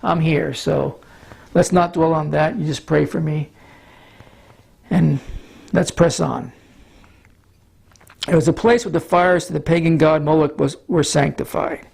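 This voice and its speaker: A pastor, hoarse from allergies, gives a sermon lesson using a map, teaching the Bible in a measured way with frequent small stumbles over words. His scratchy voice sits slightly high yet darkish and steady, with a gravelly, husky roughness and occasional throat-clearing.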